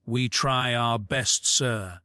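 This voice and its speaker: A man voicing a polite, obliging shop clerk with a warm voice and a Boston accent. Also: mid-range voice, slow, clear, resonant tone, dry recording, clean studio sound. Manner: polite, helpful.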